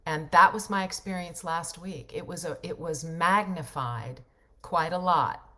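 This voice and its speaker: Slow-talking low-voiced woman livestream host. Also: pushed and bright. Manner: chatty and reflective, rambling with fillers. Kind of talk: casual livestream talk answering comments.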